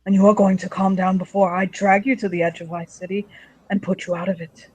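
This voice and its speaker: A man voicing a stern adult fae king with a put-on Russian accent, low and threatening. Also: flat delivery, a little fast, low-quality recording. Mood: menacing.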